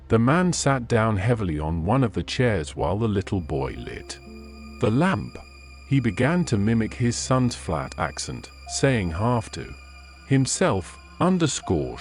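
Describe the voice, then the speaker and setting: A man's voice: lowish voice, big pitch swings, measured pace, a little mellow, faint music behind. A man reading classic fiction aloud as an audiobook narrator, telling the story expressively.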